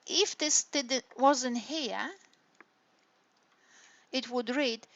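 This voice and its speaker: Very slowly and in a high-pitched voice, a university lecturer explains intonation step by step, checking in often with "right?" and "hey?". The recorded online lecture has no echo but sounds dull and lo-fi.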